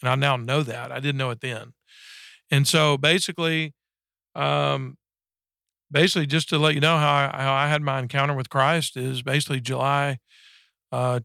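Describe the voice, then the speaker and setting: A man in his forties giving a personal faith testimony in casual conversation, halting and earnest, with many restarts and fillers. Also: medium pitch, little pitch movement, creaky, bright, forceful tone, no echo, studio quality. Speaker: guest sharing a faith story.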